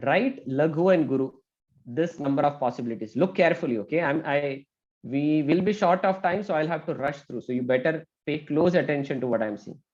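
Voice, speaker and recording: A man teaching an online math class, talking briskly and checking in with students with a frequent "okay?". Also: on the high side, a little mellow, highs cut off. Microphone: video call.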